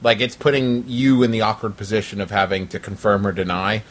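A man's voice: lowish voice, flat delivery, brisk. A man co-hosting a comedy podcast, making wry arguments. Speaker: podcast co-host. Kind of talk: casual comedic banter.

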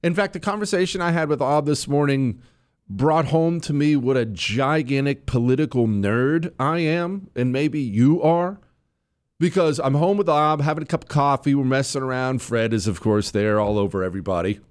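A middle-aged man with a mid-range voice speaks at normal speed as host of a talk radio show. He delivers an opinionated monologue with emphatic swings, all while struggling with a case of the hiccups.

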